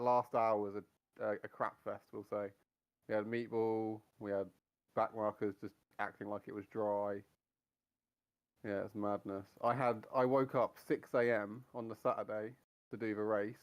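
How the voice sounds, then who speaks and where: Man, low voice, casual rambling chat, swears a lot. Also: little pitch movement, measured pace. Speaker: sim racing teammate.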